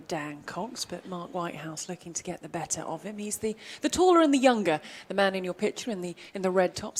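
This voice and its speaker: A woman's voice: mid-range voice, a little hiss or hum. A woman commentating on a tennis match, setting it up with facts and figures. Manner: informative, steady play-by-play with stats. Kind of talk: live sports commentary.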